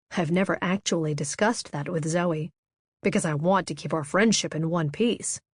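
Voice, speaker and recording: A woman narrates a first-person romance audiobook in a measured, intimate way. Her voice sits lowish. The recording is close and dry, made on a studio microphone with no room sound. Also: darkish tone, no room sound.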